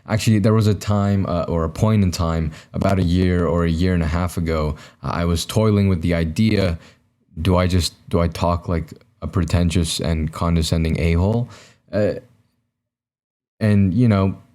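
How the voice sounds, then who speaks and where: Young male podcast host, deep and mellow, self-deprecating ramble to camera. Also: normal speed. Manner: self-mocking, rambling with many fillers and restarts. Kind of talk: solo comedic monologue to camera. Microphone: camera mic, recording himself.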